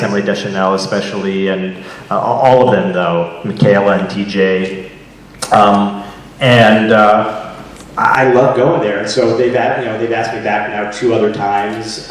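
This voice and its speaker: A man being interviewed as an actor, chatting casually and telling animated stories with frequent laughs and restarts. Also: on the low side, slight background noise. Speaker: actor and guest. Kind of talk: casual chat. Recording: echoey room, distant mic.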